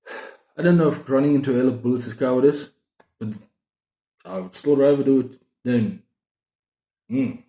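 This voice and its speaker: This casual book-haul video comes from a South African vlogger in his thirties who meanders, mocks himself and keeps restarting sentences. His medium-pitched voice has a dark tone and lots of expression, moving at a normal speed with frequent pauses, all in a room with noticeable echo.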